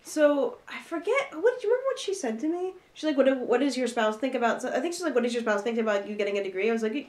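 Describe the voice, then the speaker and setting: A woman co-hosting a casual chat, teasing and telling lively anecdotes. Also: high-pitched, quick pace, reverberant. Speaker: co-host.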